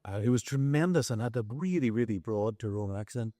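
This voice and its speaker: A middle-aged man with a Northern Irish accent, a songwriter guest telling stories in a relaxed, self-deprecating way during an on-stage conversation. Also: mid-range voice, fairly quick, no echo, clean studio sound.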